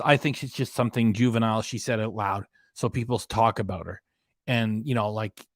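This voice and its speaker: A man's voice: mid-range voice, no room sound, studio quality. Opinionated man hosting a live stream. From Ontario, Canada. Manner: opinionated, gossipy, rambling asides. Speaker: reaction channel host.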